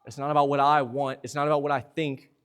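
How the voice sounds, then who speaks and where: A young man preaching a sermon in a church, lively and talkative, slipping into playful asides. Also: on the high side, fast, smooth. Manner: lively preaching, acts out husband and wife exchanges in asides. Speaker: pastor. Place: church sanctuary.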